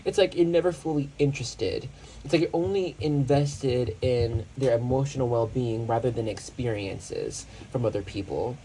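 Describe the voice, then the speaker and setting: A tarot reader talks through a casual pick-a-card reading in a mellow, rounded voice over faint room ambience. The delivery is reflective and unhurried, with frequent pauses, fillers and restarts while hunting for the right word. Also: medium pitch, a little hiss or hum, low-quality recording. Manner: searches for words, with many fillers and restarts; reflective, thinking aloud.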